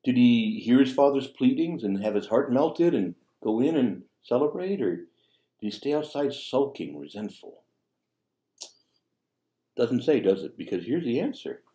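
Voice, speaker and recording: A man's voice: medium pitch, very animated, a little slow, mellow. A man preaching a sermon as a priest, speaking conversationally and tossing in rhetorical asides. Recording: echoey room.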